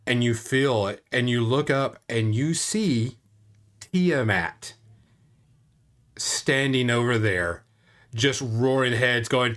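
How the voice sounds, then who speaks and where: Slow, casual male game master. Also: medium pitch, fairly bright tone, a little hiss or hum. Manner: casual, drawn-out storytelling. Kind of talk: narrating a tabletop game.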